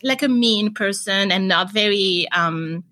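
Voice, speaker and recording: Lively young woman telling her story. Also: medium pitch, measured pace. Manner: animated storytelling with quoted dialogue. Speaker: podcast guest. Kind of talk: casual interview chat.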